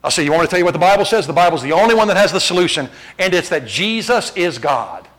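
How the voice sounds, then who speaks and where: Fervent preaching man, fairly high voice. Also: animated, fast talker, low-quality recording. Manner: emphatic preaching, rising to loud high-pitched exhortation; conversational asides with the congregation. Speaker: pastor. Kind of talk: sermon.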